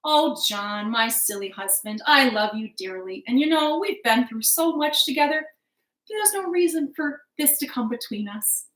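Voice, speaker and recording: A woman's voice: sits high, expressive, moderate pace, a bit bright. A woman voicing a loving, forgiving wife from a folk tale, speaking tenderly to her husband. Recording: echoey living room.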